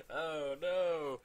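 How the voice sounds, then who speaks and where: A man giving casual commentary over a card game as he plays, excitable and chatty, laughing often and poking fun at his own mistakes. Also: on the high side. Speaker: gameplay commentator.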